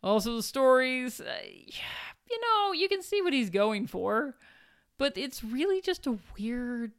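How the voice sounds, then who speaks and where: A woman's voice: fairly high pitch, big pitch swings, measured pace. A woman co-hosting a casual book review chat, speaking in a dry, sarcastic way. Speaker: podcast co-host.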